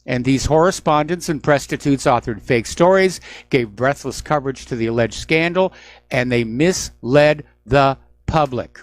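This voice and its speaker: A man's voice: medium pitch, moderate pace, no room sound. A man hosting a radio news talk show, delivering an emphatic, indignant commentary monologue.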